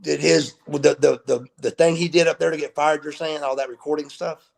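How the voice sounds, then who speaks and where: A middle-aged wrestler appears as a guest on an interview show, telling stories in a casual way and acting out the dialogue he quotes. His voice sits fairly high, moves at a normal speed, and carries some vocal fry. He's an animated storyteller throughout.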